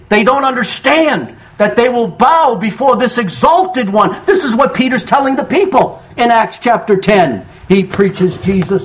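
A man preaching a sermon as pastor, quoting scripture with strong emphasis and calling out to his congregation for responses. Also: extremely high pitch. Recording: dull lo-fi sound.

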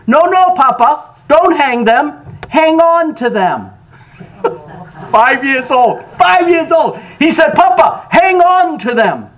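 Animated, high-pitched preaching man. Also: poor audio. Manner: animated preaching, sudden loud rises and soft drops. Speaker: pastor. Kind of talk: sermon.

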